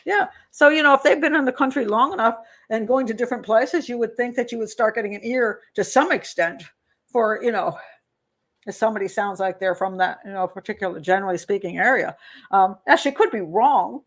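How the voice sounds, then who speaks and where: Speaking briskly in a fairly high voice, this older woman hosts a live show as a criminal profiler. She chats loosely while going through the chat, rambling along with plenty of fillers and small laughs.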